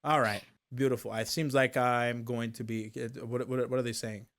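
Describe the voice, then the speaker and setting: A woman's voice: rumbling low, fairly even intonation, normal speed. A woman hosting a casual talk show, upbeat and often repeating words. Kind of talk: casual chat.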